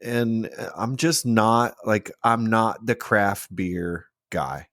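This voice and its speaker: A man with a lowish voice talks in a relaxed, rambling way on his podcast, tossing in casual swears. The sound is dry and close, with no room around it. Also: slow pace, no echo. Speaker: podcast co-host. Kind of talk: casual chat.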